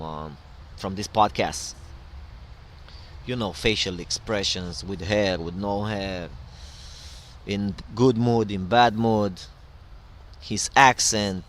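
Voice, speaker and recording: A middle-aged man hosting his own podcast in a loose, rambling solo monologue full of fillers and digressions. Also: medium pitch. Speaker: podcast host.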